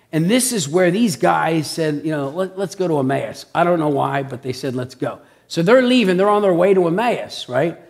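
High, gravelly-voiced man preaching conversationally. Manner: animated, checks in with listeners by asking "okay?" and "right?". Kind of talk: conversational sermon.

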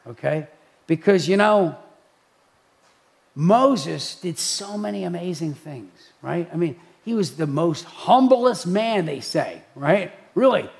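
A man preaching in a chatty way, telling stories with lively acted-out voices. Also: sits high, vocal fry. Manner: animated storytelling, acts out quoted voices. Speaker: pastor. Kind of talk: preaching talk.

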